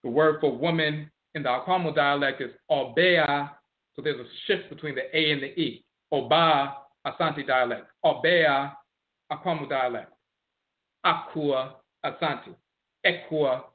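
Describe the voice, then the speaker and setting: A man giving a lecture on history and word origins, slowly explaining, repeating and spelling out terms. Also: on the high side. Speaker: teacher of ancestral religion. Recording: tinny phone-like audio.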